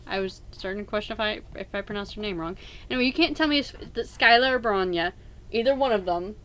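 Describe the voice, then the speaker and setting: A woman's voice: mid-range voice, fast. A woman hosting a let's play in casual chat, arguing emphatically and rambling through restarts.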